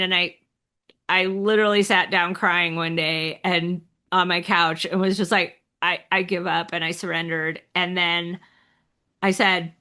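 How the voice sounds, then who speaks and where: A woman speaks as a podcast guest, her voice bright and forward. She talks candidly and reflectively in a relaxed conversational way, often laughing at her own stories. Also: mid-range voice. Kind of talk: conversational interview.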